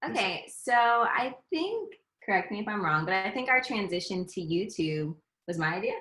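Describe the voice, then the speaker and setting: A woman being interviewed as a guest, telling a story in a chatty, relaxed way. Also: medium pitch, moderate pace. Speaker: relationship content creator, guest. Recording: roomy echo.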